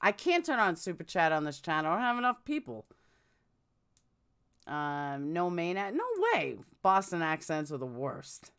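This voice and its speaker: A woman's voice: deep voice, expressive, normal speed, fairly bright tone, clear, resonant tone. A woman hosting a casual live stream, chatting and answering viewers' comments. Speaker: true crime live streamer.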